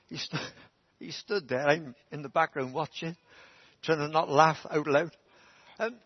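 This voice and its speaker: Middle-aged preacher telling funny stories; husky, fairly high voice. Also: male voice, fairly quick, no echo. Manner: humorous, self-deprecating anecdotes. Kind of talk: storytelling sermon. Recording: dull dry church sermon recording.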